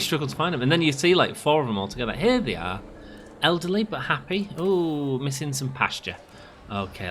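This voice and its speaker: A man's voice: fairly low pitch, noisy background. A young man giving casual gameplay commentary, chatting to the animals on screen and to his viewers. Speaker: gaming channel host.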